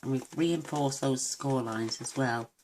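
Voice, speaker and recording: A woman's voice: rumbling low, a little slow, darkish tone, slight background noise. A woman giving a chatty, homely papercraft tutorial at her craft table, full of self-deprecating asides. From United Kingdom. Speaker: papercraft demonstrator.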